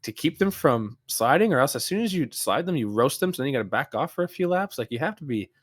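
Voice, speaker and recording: A man co-hosting a podcast in casual chat, telling stories in an animated way with lots of restarts and fillers. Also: mid-range voice, quick pace, dry recording, clean studio sound. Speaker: podcast co-host.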